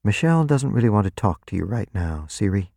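A guarded, cold-tempered woman linguist, read by a man in an audiobook. She speaks in quiet, clipped lines, in a low voice recorded dry and close. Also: very animated, brisk, creaky, no echo, exaggerated voice.

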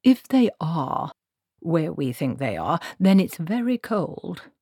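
A woman's voice: on the low side, sing-song, slow pace, mellow, slightly rough, no room sound, studio quality, full character voice. A woman voicing an elderly, tired male wizard who grumbles as he talks, read as a storybook figure. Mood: weary.

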